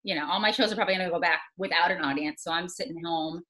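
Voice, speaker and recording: A woman comedian co-hosting a casual chat, telling a profane, animated story over a video call. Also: fairly low pitch, very fast, poor audio. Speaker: comedian co-host.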